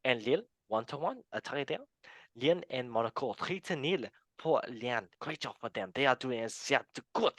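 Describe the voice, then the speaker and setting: A hammy mock-French football pundit, as a man puts it on, all put-on French accent and cheeky mangled English. The delivery is pitched at an ordinary height for a man, and the sound is dry and close. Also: expressive, fairly bright tone, no room sound. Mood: mock-pompous. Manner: jokey, deliberately mangled English.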